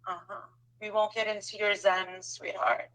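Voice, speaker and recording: A woman's voice: medium pitch, fairly even intonation, normal speed, a bit bright, low-quality recording. A woman appearing as a guest on a live stream, taunting and provoking the host in a heated argument.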